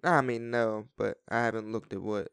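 A man's voice: on the low side, fairly even intonation, brisk, gravelly, a bit bright, clear, resonant tone, no room sound. A man co-hosting a podcast in casual chat, easygoing and joking with dry humor. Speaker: podcast co-host.

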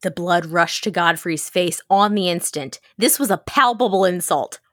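A woman's voice: lowish voice, normal speed, a bit bright, no room sound, studio quality. A woman co-hosting a podcast, narrating an old novel aloud and often breaking off to laugh. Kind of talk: casual reading of a novel aloud.

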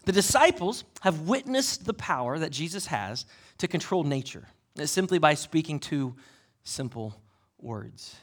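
A man preaching a sermon in a church, swinging between loud emphasis and hushed asides. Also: on the high side, very animated, measured pace. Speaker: pastor.

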